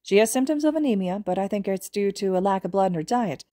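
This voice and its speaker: Woman narrator voicing a kindly old nurse, calm and clinical. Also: medium pitch, quick pace, no room sound, studio quality, close to an everyday voice.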